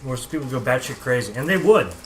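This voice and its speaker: A man's voice: mid-range voice, lively intonation, fast talker. A man chatting casually on a gaming stream, joking and coaching his friends through the game. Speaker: streamer and podcast co-host.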